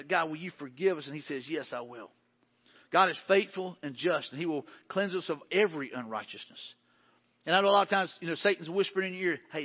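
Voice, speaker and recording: A man preaching an earnest sermon as a pastor, rising to emphatic points and falling to hushed, quiet lines. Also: sits high. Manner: earnest, builds to emphatic peaks then drops to hushed tones. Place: church sanctuary. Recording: dull sound with long hall reverb.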